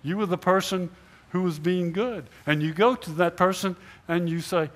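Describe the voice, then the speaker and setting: A middle-aged man delivers a Sunday sermon from the front of a church sanctuary. His voice sits slightly high for a man and trails off into a long echo under the high ceiling. He keeps asking his listeners questions and acts out little imagined dialogues as he speaks. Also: normal speed. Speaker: pastor. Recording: long hall reverb in a church.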